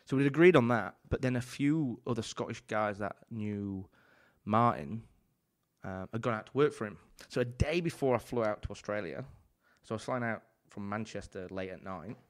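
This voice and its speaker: A man, a chef and podcast guest telling animated anecdotes in a casual chat, full of swearing and restarts. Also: fairly low pitch, normal speed.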